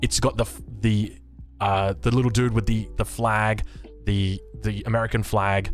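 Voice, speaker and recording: A young Australian man hosting a casual, excitable live reaction to game news, rambling and joking. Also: on the low side, moderate pace, faint music behind. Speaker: gaming YouTuber.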